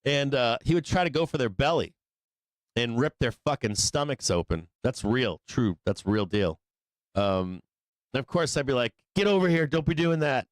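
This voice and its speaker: A man's voice: medium pitch, expressive, normal speed, dry recording. A man hosting a live trading show, telling a long story in a casual, profane, rambling way, laughing often between lines. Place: studio office.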